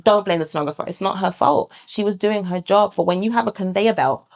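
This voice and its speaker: A British midwife speaks in a relaxed interview, her mid-range voice carrying a gravelly edge. She tells her story with animation, slipping into other people's voices when she quotes them. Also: medium pitch, quick pace. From England. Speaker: midwife and founder of a sonogram service. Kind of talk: conversational interview.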